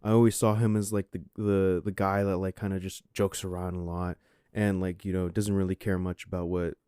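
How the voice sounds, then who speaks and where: A man's voice: low voice, level tone, a little fast, warm tone, smooth, dry recording, studio quality. A man in his twenties hosting a podcast, telling a story casually and rambling with lots of "like" and "you know" fillers. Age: 20s. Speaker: podcast host.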